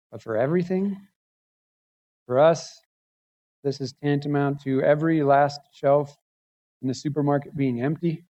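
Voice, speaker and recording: A man's voice: medium pitch, warm tone, highs cut off. A male pastor preaching a sermon, emphatic and building intensity through lists and rhetorical questions.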